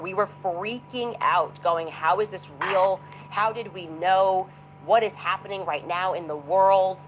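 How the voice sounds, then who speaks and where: A woman's voice: deep voice, a bit bright, a little hiss or hum, low-quality recording. A woman telling a story in a monologue, reading quotes aloud with dramatic emphasis. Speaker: speaker in a played clip.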